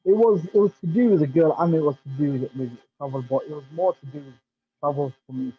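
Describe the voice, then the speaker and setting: A man's voice: fairly high pitch, fast talker, phone-quality sound, a little hiss or hum. A man guest in a casual interview, talking with many restarts and fillers. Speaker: podcast guest.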